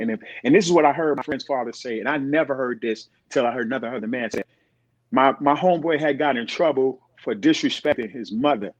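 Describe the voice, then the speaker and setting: A middle-aged man with a medium-pitched voice talks fast as a podcast guest, sharing casual stories and animatedly voicing the people in them. The recording is dull and dry, without echo.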